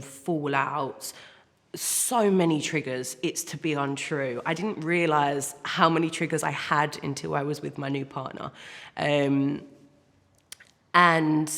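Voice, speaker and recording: A young adult woman giving earnest, heartfelt personal testimony as an interview guest, often pausing on hesitant fillers. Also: deep voice, a bit bright, long reverb tail.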